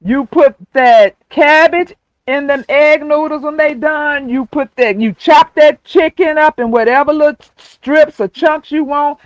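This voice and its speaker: A man's voice: very high-pitched, unhurried, no echo, dull audio. A man hosting a casual stream chat, folksy and talking people through a recipe step by step. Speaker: show host.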